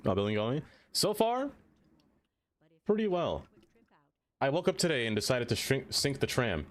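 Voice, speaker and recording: A young man chatting casually on a live stream as he plays a city-building game. He talks to the things he builds and laughs often. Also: medium pitch. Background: faint music.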